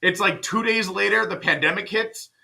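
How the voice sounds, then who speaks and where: A man guesting on a podcast, telling stories in casual, animated chat. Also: sits high, creaky. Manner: fast, animated storyteller.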